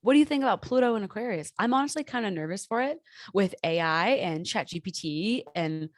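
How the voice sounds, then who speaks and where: Woman, podcast host, casual chat, lively pitch, swears and laughs, dry close sound. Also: fairly quick, no room sound. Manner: animated, swears freely, laughs often.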